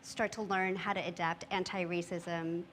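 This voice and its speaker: A woman speaking as a panelist in a thoughtful, measured way with frequent fillers. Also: fairly low pitch, flat delivery, a bit bright. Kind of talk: panel discussion talk. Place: church hall. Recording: long hall reverb, faint noise.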